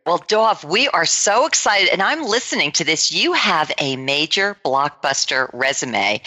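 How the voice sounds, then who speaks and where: A woman's voice: fairly low pitch, pushed and bright. A woman co-hosting a talk show, effusive and gushing. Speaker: co-host. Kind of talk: podcast co-hosting.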